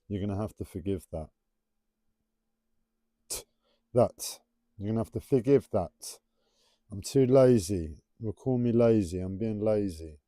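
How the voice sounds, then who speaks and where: Rambling low-voiced man on a livestream. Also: moderate pace, long pauses, mellow, no echo, studio quality. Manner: wanders off on tangents, self-described waffling. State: struggling to pronounce his T's. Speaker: livestream host. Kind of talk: rambling solo livestream talk.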